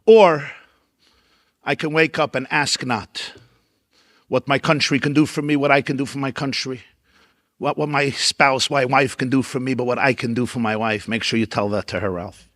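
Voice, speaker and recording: A man's voice: mid-range voice, steady tone, normal speed, a bit bright, no room sound, studio quality. A man, a rabbi, giving a storytelling keynote lecture at a dinner event, emphatic and building up lists.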